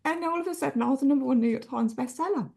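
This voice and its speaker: An English woman with a fairly high-pitched voice, talking through her memories in a loose, chatty way. Expressive and quick to restart her sentences, a guest in a relaxed interview. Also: gravelly. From England. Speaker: author guest. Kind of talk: casual interview storytelling.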